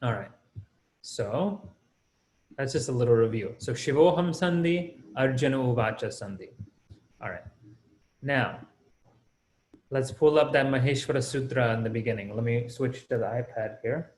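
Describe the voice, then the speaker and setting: A man teaching an online class, walking students through each rule step by step and checking in with a quick "right?" or "okay?". His voice sits at an ordinary middle pitch. The room behind him rings with noticeable echo. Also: darkish tone. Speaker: Sanskrit teacher.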